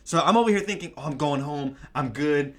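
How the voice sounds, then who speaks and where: A young man with a slightly high voice spins a rowdy school story, his delivery animated and full of laughter. He swears freely and tosses in "bro" as he goes. This is loose, casual podcast chat. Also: fairly quick. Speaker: podcast co-host.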